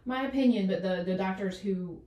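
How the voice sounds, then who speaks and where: A woman's voice: medium pitch, fairly quick, dark tone. Rambling woman doctor, echoey and distant. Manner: rambling, many fillers and restarts. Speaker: doctor, podcast guest. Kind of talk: casual interview chat. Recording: echoey room, off the mic.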